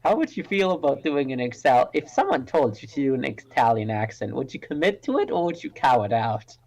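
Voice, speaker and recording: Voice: mid-range voice, sing-song, brisk, a little mellow, rough recording. A player in a tabletop game making dry jokes in casual chat.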